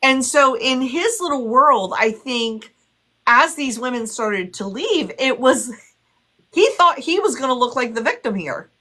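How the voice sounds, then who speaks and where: Slow, bright-voiced woman interviewer. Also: high-pitched, lively intonation. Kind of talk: conversational interview.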